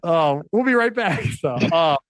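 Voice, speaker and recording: Excitable high-voiced podcast guest man. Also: a little slow, no room sound, studio quality. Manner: animated, laughing, self-deprecating, stammering restarts. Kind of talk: casual podcast chat. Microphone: studio microphone.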